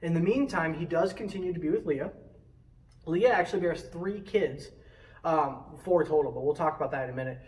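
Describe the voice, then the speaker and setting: A man delivers a casual youth sermon in an animated, conversational way, full of quick asides. His voice sits a bit high for a man. It sounds as if picked up from some distance away.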